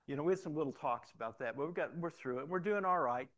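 A man who is both a pastor and a police officer, telling his stories in an animated way, acting out the dialogue and often repeating words as he starts a sentence. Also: on the high side, quick pace. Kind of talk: storytelling testimony.

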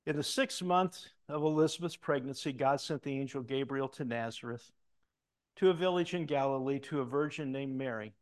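A middle-aged man preaching a sermon, reading scripture aloud and breaking off into animated asides, loud for quoted lines and hushed for comments. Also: mid-range voice, normal speed. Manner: animated, swings between loud emphatic reading and quiet asides. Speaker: pastor.

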